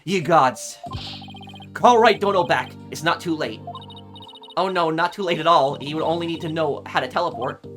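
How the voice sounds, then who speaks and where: A man's voice: a little high, fairly bright tone, soft background music, close to an everyday voice. A man putting on a stern samurai prosecutor. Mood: exasperated. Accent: put-on accent. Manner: slow, clipped, formal and mocking. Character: stern old-fashioned male samurai prosecutor.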